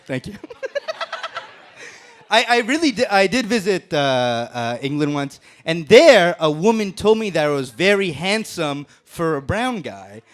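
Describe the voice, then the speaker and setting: Man roasting on stage, high voice, very animated, brash, profane, laughs at own jokes. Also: a little slow. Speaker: stand-up comic in a roast battle. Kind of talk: stand-up roast set. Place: comedy club stage.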